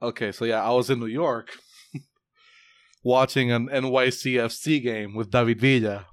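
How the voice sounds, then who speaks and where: A man chatting casually about soccer, laughing often and breaking into high exclamations. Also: fairly even intonation, a little slow, no room sound, clean studio sound. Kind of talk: casual chat.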